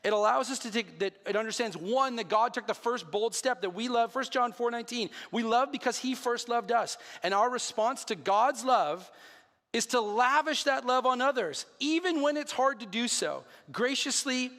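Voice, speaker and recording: This man, a pastor in his thirties, has a very high-pitched, expressive voice with a fairly bright tone and a moderate pace. He delivers his sermon earnestly and conversationally, with self-deprecating asides, and the church sanctuary gives it a long hall reverb.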